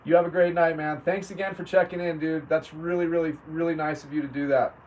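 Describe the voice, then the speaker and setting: Speaking fast with fairly even intonation, a slightly high, darkish-toned man chats with his livestream audience, reading their comments and greeting them by name. The recording uses a distant mic with faint noise in the background.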